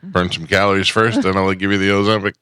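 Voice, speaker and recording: Deep-voiced man joking on morning radio. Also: little pitch movement, quick pace, pushed and bright, clear, resonant tone, no room sound, clean studio sound. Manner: joking storyteller. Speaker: radio show co-host. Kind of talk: casual morning radio banter. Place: radio studio. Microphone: studio microphone.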